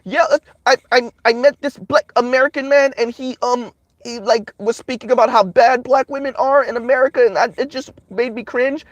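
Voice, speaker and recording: A man putting on a high, mocking falsetto to play a gushing young female caller from overseas. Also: moderate pace, hardly any pauses, dry recording.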